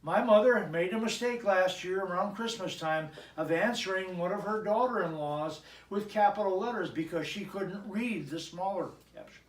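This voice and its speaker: Chatty pastor man with a high voice. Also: normal speed. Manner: joking, chatty asides to the congregation. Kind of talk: conversational sermon. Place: church sanctuary. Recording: echoey church, mic at a distance.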